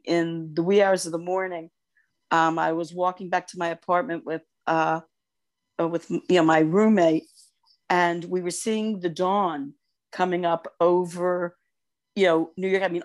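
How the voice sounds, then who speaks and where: Older woman telling lively stories. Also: lowish voice. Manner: animated storyteller, gushing over cute animals. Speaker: podcast co-host. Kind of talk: casual storytelling chat.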